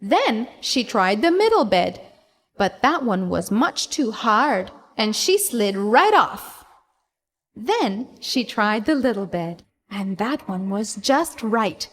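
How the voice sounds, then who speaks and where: A woman's voice: mid-range voice, sing-song, takes it slowly, fairly bright tone. A woman, a teacher narrating a children's storybook expressively.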